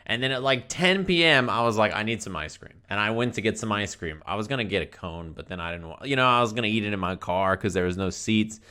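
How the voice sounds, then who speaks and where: A man streaming to his chat, telling a story in a profane, exasperated, animated rant. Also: lowish voice, fast talker, few pauses, smooth.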